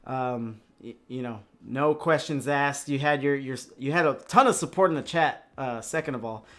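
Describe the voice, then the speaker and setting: A young man casting an esports match, shouting on big plays and then chatting loosely through a post-match interview. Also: medium pitch, moderate pace. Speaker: esports caster.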